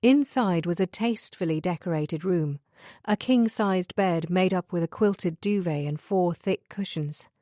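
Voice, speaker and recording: A woman narrating a thriller audiobook in a measured, even reading style. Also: fairly low pitch, no echo, clean studio sound. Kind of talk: scripted narration.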